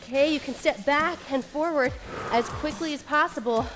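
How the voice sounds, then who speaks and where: A woman's voice: high voice, normal speed, noisy background. A woman leading a follow-along workout, coaching with upbeat encouragement while getting out of breath. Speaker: fitness instructor. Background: workout music.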